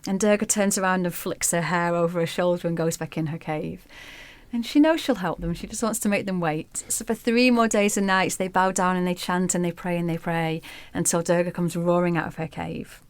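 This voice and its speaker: Expressive woman telling a myth. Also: fairly low pitch, brisk, no room sound. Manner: vivid, expressive storyteller. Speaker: guest. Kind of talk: storytelling in an interview.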